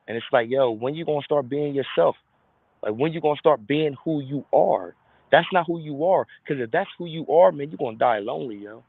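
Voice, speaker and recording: A man talking in a casual monologue, blunt and profane, slipping into quick impressions of other people. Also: medium pitch, no room sound. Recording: tinny phone-like sound.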